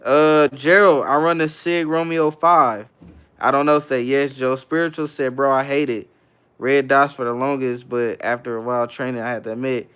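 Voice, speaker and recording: A man's voice: medium pitch, fairly even intonation, normal speed, a bit bright, clear, resonant tone. A young man from the Bay Area hosting a livestream in a laid-back, slangy way, reading viewer comments aloud and answering each one. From San Francisco Bay Area, California. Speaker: livestream host. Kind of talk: casual live-stream chat, reading viewer comments aloud.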